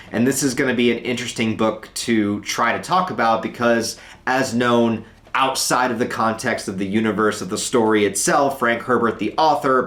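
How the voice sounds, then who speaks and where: A man who is sick and hoarse, talking in a casual, rambling review with a raspy voice and frequent hesitations, from his couch at home. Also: mid-range voice, bright, forceful tone. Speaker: book reviewer. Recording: roomy echo.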